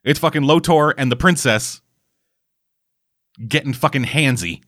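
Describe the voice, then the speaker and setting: A man co-hosting a casual podcast, ranting with heavy swearing in an animated way. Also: a little high, measured pace, dry recording, clean studio sound. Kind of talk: casual chat.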